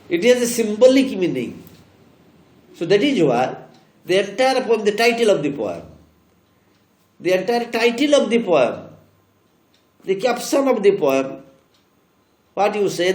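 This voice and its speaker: A high, lively male voice with an Indian English accent, teaching slowly and spelling points out again and again. He repeats every key phrase to drive it home, and the recording has the echo of a bare room. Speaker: literature teacher. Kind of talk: classroom lecture on poetry. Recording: echoey room.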